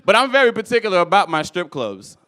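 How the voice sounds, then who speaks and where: A young man performing a stand-up comedy set on stage, animated and acting out people with loud high voices. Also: fast talker, clean tone. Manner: animated, acts out characters with shouted high voices. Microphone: handheld stage mic.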